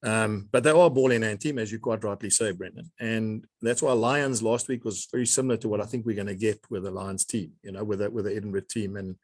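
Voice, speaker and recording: A middle-aged man, a rugby coach answering reporters' questions in a measured way, often repeating words as he searches for them. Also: fairly low pitch, fairly even intonation, no room sound. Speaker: rugby coach at a press conference. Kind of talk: press conference answers.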